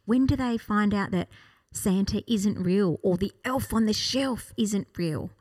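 A woman's voice: mid-range voice, unhurried. A woman, co-hosting a podcast and telling family stories in casual chat, acting out her son's voice. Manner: animated storyteller, voices her son's lines. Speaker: podcast co-host.

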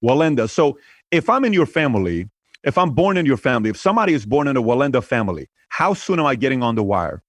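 A man with a Persian accent who hosts an interview and asks quick, chatty questions. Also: medium pitch, very animated, dry recording, studio quality. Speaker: interview host. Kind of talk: casual interview conversation.

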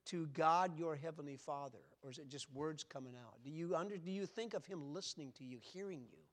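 An older man preaching a sermon, asking the congregation earnest questions and swinging between loud emphasis and quiet reflection. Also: on the high side, fairly quick. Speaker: pastor.

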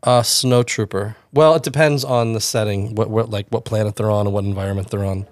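A man's voice: lowish voice, fairly even intonation, a little fast, dry recording, clean studio sound. A man from South Florida, a pastor co-hosting a podcast, easygoing and enthusiastic in casual chat, with many fillers.

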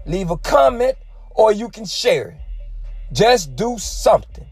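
A man's voice: sits high, sing-song, measured pace, faint music behind. A man hosting his own weekly podcast, ranting casually with loose, profane jokes and frequent "you know what I'm saying.". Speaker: podcast host. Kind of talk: casual solo podcast rant.

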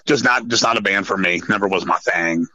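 Fast-talking guy in his 50s, bright edgy voice, swears a lot, super blunt, dry close mic. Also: low-pitched, no room sound, lo-fi sound. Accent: American. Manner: profane, blunt, animated storyteller. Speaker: guest musician. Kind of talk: casual storytelling chat.

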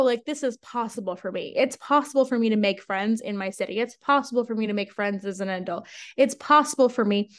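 A young woman hosting her own podcast, talking frankly and chattily with lots of fillers and casual swearing. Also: on the high side. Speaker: sales coach and podcast host. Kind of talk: casual solo podcast monologue.

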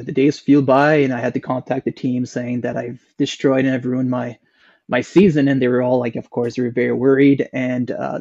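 A man's voice: vocal fry, warm tone, no echo. A young man with a Canadian accent telling a long personal story as a podcast guest, rambling with many fillers and restarts. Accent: Canadian English. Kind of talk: casual storytelling. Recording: dull low-fidelity sound.

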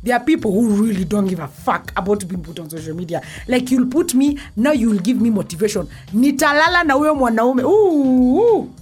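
A woman's voice: mid-range voice, animated, moderate pace, few pauses, dark tone, faint music behind. A woman with a Kenyan accent telling a story in a brash, profane, casual rant, switching between languages.

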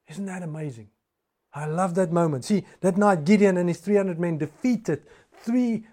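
Emphatic man preaching with a high, mellow voice. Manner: emphatic preaching, swinging loud to soft. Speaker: pastor. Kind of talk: sermon.

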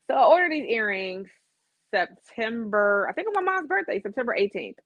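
Young woman cohost, bright voice, dry sound, animated storytelling w lots of cussing. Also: a little high, a little fast, dry recording, lo-fi sound. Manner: animated storyteller, swears freely, acts out voices and accents. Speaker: podcast co-host. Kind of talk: casual storytelling chat.

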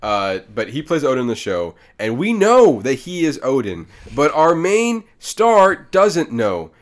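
A man co-hosting a casual movie podcast, retelling shows in an animated way. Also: mid-range voice, a little slow. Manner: animated, acts out scenes while retelling. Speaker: podcast co-host. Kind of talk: casual chat.

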